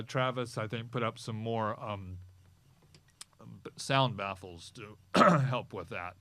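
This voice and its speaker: Hoarse man, podcast host, halting rambling talk, dry small studio. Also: on the low side, pushed and bright, no echo. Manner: rambling, halting, with many restarts. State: hoarse, losing his voice. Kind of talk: casual chat.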